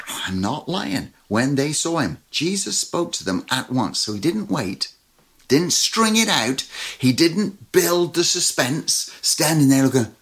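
A male pastor preaching a sermon, telling the story with animated swings between loud and soft. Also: a little high, measured pace, husky.

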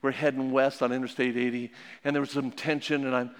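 A man preaching a sermon, telling a story with animated energy and dropping low and quiet when he drives the point home. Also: a little fast, clear, resonant tone. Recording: long echoing hall reverb.

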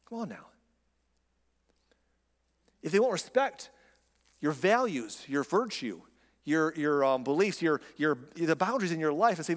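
Impassioned male preacher in a reverberant hall. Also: fairly high pitch. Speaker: pastor. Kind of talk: sermon.

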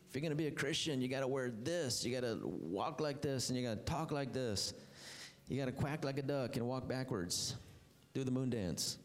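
A man preaching a sermon as a pastor, impassioned, swinging from high emphatic lines down to low, quiet ones. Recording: long hall reverb.

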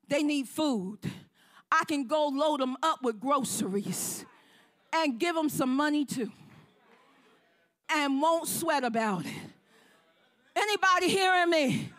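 A woman preaching a fervent sermon with call-and-response, often shouting to the congregation. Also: very high voice.

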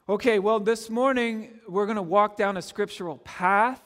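High-voiced pastor preaching in a reverberant hall. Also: male voice, normal speed, few pauses. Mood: prayerful. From Canada. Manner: conversational, earnest preaching with gentle humor. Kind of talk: sermon. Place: church sanctuary. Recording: long reverb of a church hall.

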